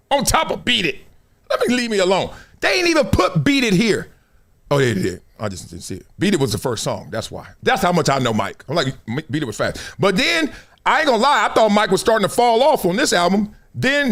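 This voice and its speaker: A middle-aged man hosting a live sports and culture stream, talking in loose slang with loud bursts and low asides. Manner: animated, slangy, jumps between loud bursts and low mutters. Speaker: show host.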